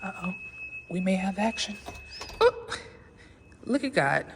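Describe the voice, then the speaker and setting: A woman's voice: medium pitch, expressive, takes it slowly. Chatty woman vlogging on a noisy campus. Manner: chatty and upbeat, talking to the camera. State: out of breath from walking. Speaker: doctoral student vlogger. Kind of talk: casual vlog chat. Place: outdoors on a university campus.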